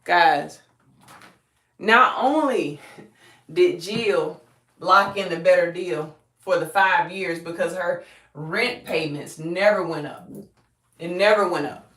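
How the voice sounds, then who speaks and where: A woman's voice: fairly low pitch, slow pace, long pauses, fairly bright tone, echoey room. A woman real estate agent with a Southern accent teaches a live-streamed lesson in a folksy way, quizzing her viewers and calling them y'all.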